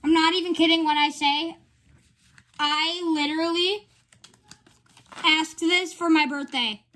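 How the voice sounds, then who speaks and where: A woman's voice: very high voice, steady tone, measured pace, a bit bright. A woman hosting her own channel, giving casual commentary as she reads off items one by one in short phrases. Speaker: channel host. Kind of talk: casual card-opening commentary.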